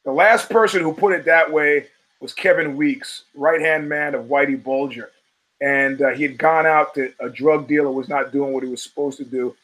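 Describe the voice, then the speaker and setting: A man's voice: fairly high pitch, steady tone, normal speed, a bit bright, rough recording. A man hosting a solo podcast, talking in a wry, profane, digressive way with emphatic punches. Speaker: podcast host.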